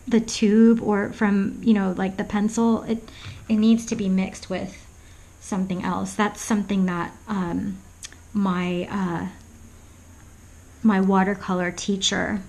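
A woman's voice: mid-range voice, flat delivery, unhurried, creaky, darkish tone, poor audio. A woman chatting casually while demonstrating a painting, rambling and hesitant with many ums, often dropping to a whisper and laughing at her own jokes. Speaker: art vlogger.

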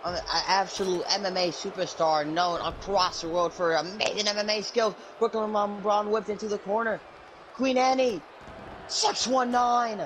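High-voiced excitable male commentator. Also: normal speed, noisy background. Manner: jokey, bursts into high yelps when surprised. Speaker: host and commentator.

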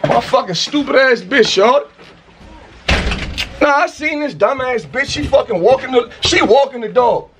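A furious man ranting, high-pitched and shouting. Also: expressive, unhurried, noisy background. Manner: profane, heated, often shouting. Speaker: vlogger. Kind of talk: angry rant to camera.

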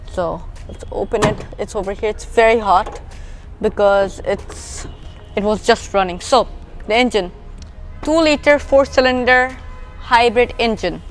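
A woman with a Bangladeshi English accent giving a casual walkaround car review outdoors, explaining features as she points them out, her voice drifting from the camera mic as she moves. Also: on the high side. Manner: chatty, explanatory, points things out as she goes. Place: outdoors beside a parked car.

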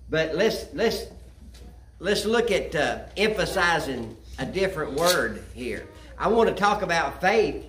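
A man's voice: a little high, a bit bright, echoey room. A man preaching a sermon in a church, folksy and rising to fervent cries of amen. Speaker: pastor. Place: church sanctuary.

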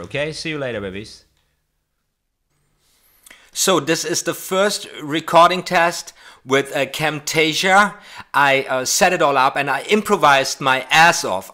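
A vlogger talks to camera in unscripted self-talk while setting up his streaming gear, rambling with lots of fillers and restarts and cursing when things go wrong. His voice is fairly high with a sharp tone. He's testing a desktop USB microphone.

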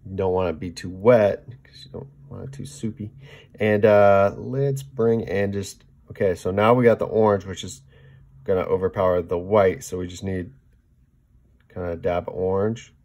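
A man with a low, gravelly voice walks through a painting demo in a relaxed, chatty way. He keeps checking in with "okay?" and lets his words drift quieter as he focuses on mixing paint. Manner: talks while mixing paint, trailing off softly. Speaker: painting instructor. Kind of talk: casual painting demonstration.

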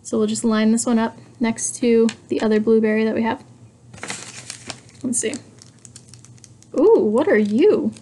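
A young woman chatting casually as she unboxes collectible pins, thinking aloud and getting excited over each one. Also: fairly high pitch, moderate pace, pauses often, slight background noise. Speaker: hobby vlogger.

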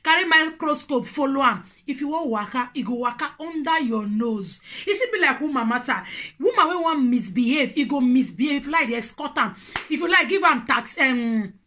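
A woman with a Nigerian Pidgin accent talks straight to camera and hands out relationship advice. Her high, bright voice is animated and playful, with a preachy edge. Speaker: vlogger. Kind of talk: casual advice monologue.

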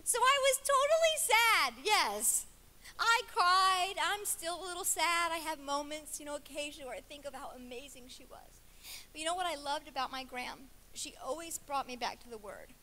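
A woman preaching at a women's conference, animated and jokey, swinging from loud to hushed. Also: sits high, moderate pace. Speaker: conference speaker. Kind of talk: sermon.

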